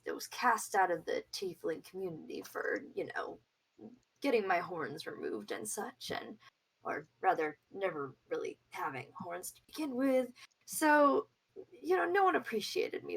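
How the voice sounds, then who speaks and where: A woman playing a boastful minion bard, husky voice. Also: mid-range voice, heavily acted. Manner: boastful and eager, stumbling over words. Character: boastful hornless male tiefling bard, a villain's eager minion. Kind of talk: tabletop role-play voicing.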